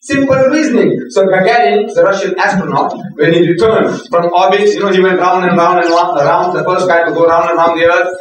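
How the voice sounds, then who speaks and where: An older man gives an animated lecture, his voice sitting high for a man. He is heard from a distance in a very echoey hall, shifting into put-on voices as he tells his stories. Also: fairly quick, few pauses, a crowd in the background. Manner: animated storytelling with laughter and put-on quotes. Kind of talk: religious lecture to students.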